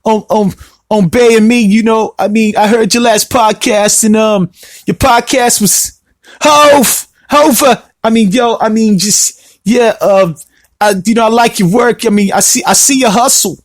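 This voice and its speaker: A man's voice: high-pitched, fairly even intonation, unhurried, dry recording, studio quality. A man putting on an impression of a famous rapper, a drawling adult man full of "yo" and "young" fillers. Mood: pleading.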